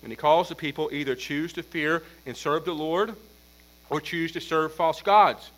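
A man preaching an expository sermon as pastor, emphatic, building force on repeated points and then dropping low. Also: moderate pace, a bit bright, poor audio.

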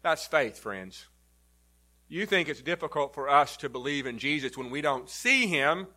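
A male pastor preaching a sermon, emphatic, rising loud and then dropping to a low, quiet delivery. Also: sing-song, measured pace.

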